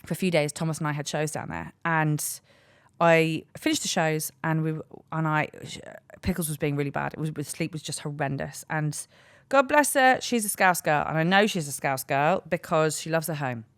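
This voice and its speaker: A low-voiced woman in her thirties, a podcast host and stand-up comic, tells a story with frank, self-mocking humour, rambling and restarting sentences at a moderate pace. Her tone is clean, recorded dry and close on a studio mic with no echo.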